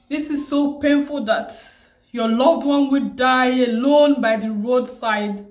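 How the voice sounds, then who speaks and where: A tearful, grieving woman who keeps repeating herself and pausing, vlogging about her loss. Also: high-pitched, reverberant. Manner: grieving, repetitive, pausing often. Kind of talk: emotional personal vlog.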